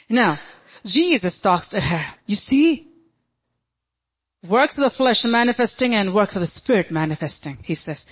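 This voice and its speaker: A woman's voice: mid-range voice, expressive, measured pace, pauses often, breathy edge. A woman pastor preaching a sermon in an emphatic, dramatic way, often acting out quotes.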